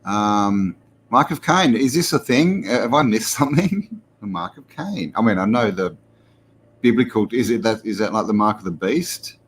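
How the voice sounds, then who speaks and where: A man's voice: on the low side, expressive, normal speed, husky. An Australian man hosting a casual live stream. He rambles, chuckles and greets viewers by name. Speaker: host.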